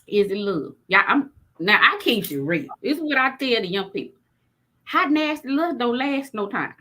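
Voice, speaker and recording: A woman's voice: a little high, sing-song, moderate pace, pushed and bright. A middle-aged woman hosting a faith-based talk show, frank and plain-spoken as she preaches. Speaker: podcast host.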